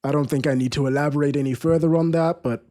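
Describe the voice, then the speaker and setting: A man's voice: fairly high pitch, fairly even intonation, fast, dark tone. Chatty male football streamer. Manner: chatty, restarts sentences, reads viewer comments aloud. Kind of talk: live stream commentary and chat.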